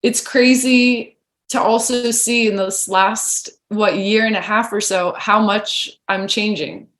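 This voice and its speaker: A woman guest on a podcast, telling stories in a lively, chatty way and acting out what people said. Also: mid-range voice, slow, reverberant. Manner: animated, chatty, acts out quoted remarks. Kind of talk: casual storytelling chat.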